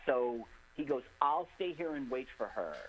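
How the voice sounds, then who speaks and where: A man's voice: medium pitch, normal speed, rough recording. A man casually retelling a film's scenes in a radio studio chat, quoting the characters as he goes. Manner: lively, retells scenes with quoted lines. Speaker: co-host riffing on a film. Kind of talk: casual movie riffing chat. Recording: faint hiss, community radio studio.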